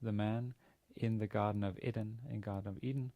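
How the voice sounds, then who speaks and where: Low, mellow-voiced male lecturer. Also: steady tone, fairly quick. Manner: methodical, reads Hebrew then translates and explains. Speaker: university lecturer. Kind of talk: Biblical Hebrew grammar lesson.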